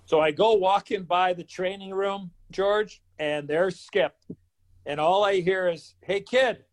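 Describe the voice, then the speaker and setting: A man's voice: high-pitched, measured pace. A man in his fifties, a former hockey player, telling a story in an interview and acting out the dialogue. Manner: animated storyteller who acts out dialogue.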